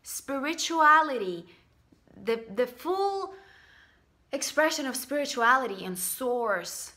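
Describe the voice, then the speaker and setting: A woman speaking in a casual vlog monologue. Her voice sits a little high and has a bright, sharp edge. She talks bluntly and emphatically, swearing and hammering points through repetition. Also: very animated, slow pace. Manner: blunt and emphatic, swears, repeats phrases for stress. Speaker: spiritual vlogger.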